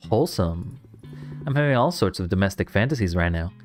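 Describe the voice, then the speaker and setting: A man's voice: fairly low pitch, lively intonation, a little fast, lightly acted. A man reading the lines of a confident young woman adventurer in an easygoing, teasing way. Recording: faint guitar music behind.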